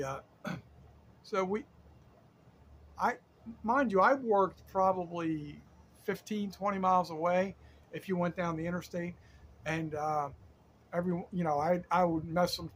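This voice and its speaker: A middle-aged man from Delaware tells a story casually, in a high voice, wandering off track with fillers and restarts. Faint ambience hums behind him. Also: a little hiss or hum. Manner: rambling, many fillers and self-corrections. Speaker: storyteller host.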